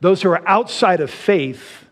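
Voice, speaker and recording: A middle-aged man preaching a sermon, animated, laughing often and swinging from loud to soft. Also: sits high, unhurried. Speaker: pastor.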